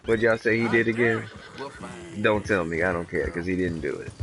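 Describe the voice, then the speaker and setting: A man with a lowish, gravelly voice talks through his gameplay in a loose, rambling way. He is laid-back and swears freely, drifting between the game and side stories. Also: fairly quick, a crowd in the background. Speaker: gamer. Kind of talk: casual gameplay commentary.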